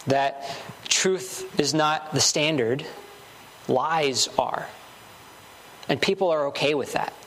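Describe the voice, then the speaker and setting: A man preaching a sermon in a fairly high voice, earnest and insistent. He builds his points through short repeated phrases, with a faint hiss behind him. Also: slow pace, long pauses, fairly bright tone.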